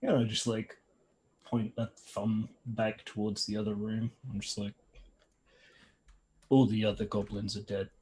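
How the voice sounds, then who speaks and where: A man's voice: fairly low pitch, level tone, a little slow, long pauses, darkish tone, slightly rough. A man playing a tabletop game who talks in an earnest, good-natured way. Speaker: player.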